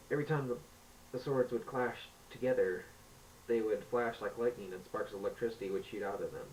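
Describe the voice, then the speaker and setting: A man reading a homemade adventure story aloud in a plain, steady way with small slips. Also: on the low side, recorded from a distance, slight background noise, rough recording.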